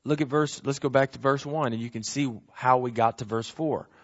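A man's voice: medium pitch, fairly even intonation, normal speed, muffled recording. A man preaching a sermon, repeating words for emphasis and often asking "right?" as he teaches. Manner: repetitive emphatic preaching with frequent tag questions.

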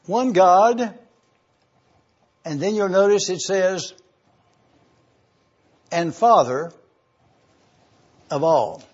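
Slow, husky high-voiced preacher. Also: male voice. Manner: slow, deliberate teaching with emphatic pauses. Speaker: preacher teaching scripture. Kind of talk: sermon. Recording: dull lo-fi recording.

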